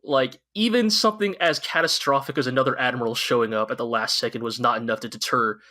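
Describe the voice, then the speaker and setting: A man co-hosting a podcast, chatting about an anime in an excitable, rambling way, with frequent restarts and swearing. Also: medium pitch, quick pace. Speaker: podcast co-host. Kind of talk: casual anime review chat.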